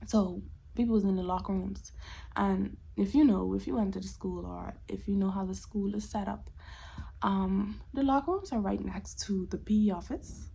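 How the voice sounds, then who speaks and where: Gravelly-voiced young woman telling a story. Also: medium pitch, normal speed, a little hiss or hum. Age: 20s. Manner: expressive, often dropping to a whisper. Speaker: storytime vlogger. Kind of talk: casual storytelling.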